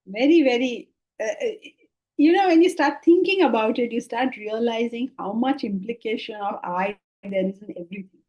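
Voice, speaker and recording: An older woman with an Indian English accent giving a spiritual lecture on scripture, lively and full of rhetorical questions and laughter. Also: fairly high pitch, normal speed, dull audio. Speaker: Vedanta teacher.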